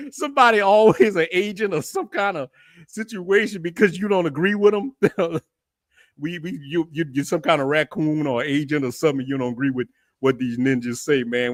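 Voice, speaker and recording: A middle-aged man from the United States hosting a casual livestream from his house, talking in an animated, rambling way with frequent laughs. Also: fairly high pitch, dry recording, clean studio sound. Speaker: travel livestream host.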